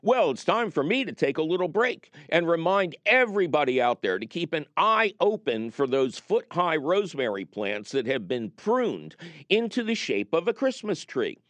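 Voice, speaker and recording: A man's voice: fairly high pitch, normal speed, no room sound. A middle-aged man hosting a call-in garden radio show, chatting and telling jokey stories. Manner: lively, jokey storyteller.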